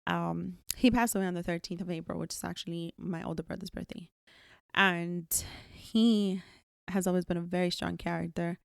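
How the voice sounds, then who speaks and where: Female podcast host, solo, frank and emphatic, low gravelly voice, dry sound. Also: fairly even intonation, moderate pace, no room sound. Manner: candid, emphatic, swears freely.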